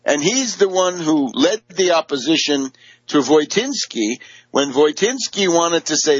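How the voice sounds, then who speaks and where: A man delivering a political monologue in a combative, sarcastic tone, stumbling over fillers as he goes. His voice is a touch high and husky. The recording is dry and muffled. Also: lively intonation, a little slow, no room sound. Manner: mimics opponents in quoted asides.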